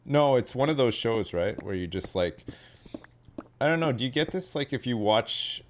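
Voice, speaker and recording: A man's voice: mid-range voice, expressive, normal speed, a little hiss or hum. A Canadian man chatting casually on a stream, rambling and often ending with "right?". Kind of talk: casual chat.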